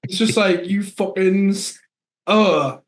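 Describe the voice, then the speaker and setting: This podcast co-host, a man with a northern English accent, laughs while recounting film scenes in a relaxed chat. He speaks slowly in a high-sitting voice, recorded in an echoey room.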